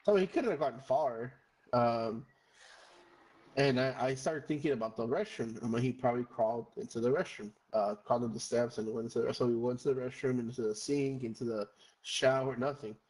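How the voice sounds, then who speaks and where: A man's voice: medium pitch, steady tone, normal speed, low-quality recording. A young man telling a long story while gaming on stream. He rambles, curses often, says "bro" constantly and slips between English and Spanish. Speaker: gamer streamer.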